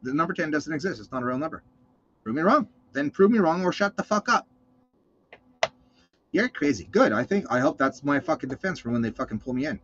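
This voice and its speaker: A man's voice: fairly high pitch, a little fast. A man hosting his own show in a casual, profane monologue, ranting and swearing as he tells stories, cold and muffled on a slightly dull recording. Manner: ranting, swearing, animated storytelling. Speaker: show host.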